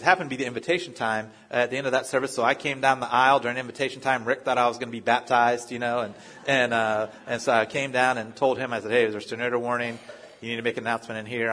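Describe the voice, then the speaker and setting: A man's voice: medium pitch, a bit bright. A male pastor giving a sermon in a conversational way, telling personal stories and often restarting his phrases. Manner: conversational, story-driven preaching with frequent restarts.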